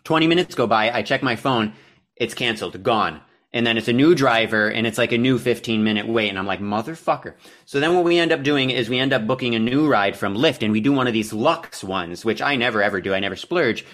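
A man's voice: mid-range voice, lively intonation, a little fast, fairly bright tone. A young man co-hosting a podcast, telling a long story in a casual, profane and exasperated way and poking fun at himself. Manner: profane, self-deprecating, exasperated. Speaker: podcast co-host.

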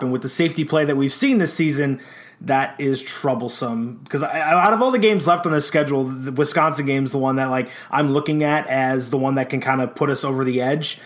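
A man co-hosting a sports podcast, talking in an animated, jokey way. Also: mid-range voice. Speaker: podcast co-host. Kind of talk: casual sports chat.

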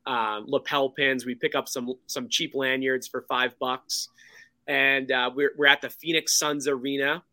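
A man telling a story in an excited, casual way, with many fillers. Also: medium pitch, a little slow, no room sound. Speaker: podcast guest.

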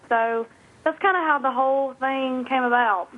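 A woman with a Southern Louisiana accent comes through a narrow, phone-like line. Her voice is fairly high, and she tells her story in a chatty, relaxed way. She sounds like a guest in a casual interview. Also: normal speed. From northern Louisiana. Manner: storytelling, chatty, laughs easily. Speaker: guest, online video creator.

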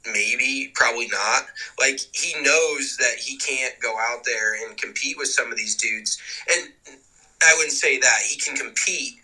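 A man with a very bright, sharp-edged voice co-hosts a loose sports chat over a video call. He talks in an easygoing, joking way and swears freely. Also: mid-range voice, a little slow, slightly rough, rough recording. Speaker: podcast co-host.

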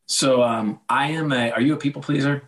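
Man, middle-aged, interview guest, animated storyteller, acts out dialogue, mid pitch. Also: fairly quick. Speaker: podcast guest, author and former sports executive. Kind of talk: casual interview chat.

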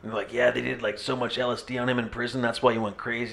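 A man who rattles off a rambling story at speed, cursing as he goes in a casual podcast chat. His voice is bright and quick. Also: medium pitch, flat delivery, vocal fry.

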